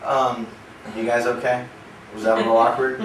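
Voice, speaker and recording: A man's voice: mid-range voice, little pitch movement, normal speed, background noise. A young man in his early twenties performing a stand-up comedy set, telling rambling, offhand stories. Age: young adult. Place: small comedy theater. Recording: roomy live club sound from a distance.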